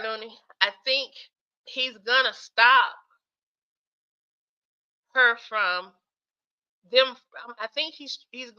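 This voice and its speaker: A woman's voice: a little high, pushed and bright, muffled recording. A woman hosting a live stream, chatting casually with viewers about skits, sleepy and yawning as she talks. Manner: chatty, talks straight to the chat, laughs often.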